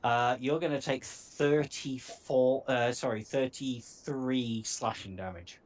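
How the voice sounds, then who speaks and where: An easygoing man serving as game master in a tabletop game. He calls out rolls and damage in a mid-pitched voice. He murmurs along while players talk. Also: takes it slowly.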